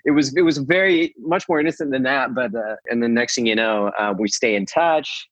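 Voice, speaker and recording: Husky man, rambling chat. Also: mid-range voice, brisk, fairly bright tone, no echo, highs cut off. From California. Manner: rambling, many restarts, laughs easily. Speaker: guest musician. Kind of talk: casual interview chat.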